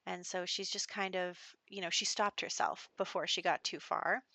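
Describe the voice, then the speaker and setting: A woman's voice: on the low side, steady tone, moderate pace, creaky, sharp tone, no room sound. A woman casually narrating her life-sim game story in a chatty, giggly way, full of "you know" and "like". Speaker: Sims let's play host.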